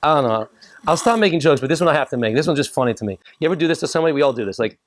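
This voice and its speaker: Fast-talking joking rabbi lecturing. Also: male voice, on the high side, slight background noise. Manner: joking, animated, acts out little dialogues. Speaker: rabbi giving a talk. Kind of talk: humorous lecture to a live audience. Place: lecture room with audience.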